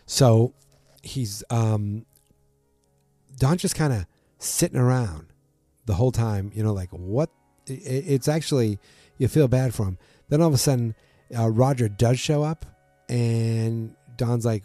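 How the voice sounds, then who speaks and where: A man casually recapping a TV episode, acting out the characters' lines with quick voice shifts. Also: fairly low pitch, dark tone, no room sound, soft background music. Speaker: show recapper.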